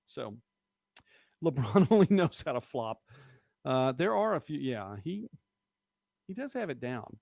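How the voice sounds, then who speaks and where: On his local live-stream, a middle-aged man works through viewer comments in an easygoing, rambling, chatty way, quoting movie lines. His mid-range voice is gravelly and a little mellow, with big pitch swings, a measured pace, and frequent pauses. It's recorded close up and completely dry, with no room sound.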